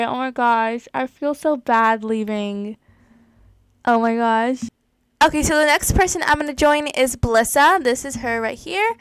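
Giggly young woman gamer rambling over her game, high clear voice, dry close mic. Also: measured pace, no echo, poor audio. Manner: giggly, gushing, excitable. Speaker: gaming YouTuber. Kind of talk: casual gameplay commentary.

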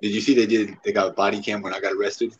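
Male livestream host, lowish voice, teasing and prodding, dull lo-fi sound with faint hiss. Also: flat delivery, very fast, husky. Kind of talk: casual livestream chat.

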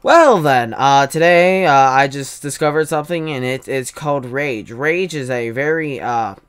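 A man hosting a gaming channel, rambling through Minecraft commentary and bursting into loud angry yelling. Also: mid-range voice, normal speed, smooth.

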